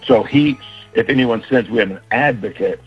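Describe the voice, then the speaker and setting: A man's voice: mid-range voice, normal speed, slightly rough. A man preaching a sermon in an earnest, repetitive preaching cadence. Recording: dull lo-fi recording with faint music.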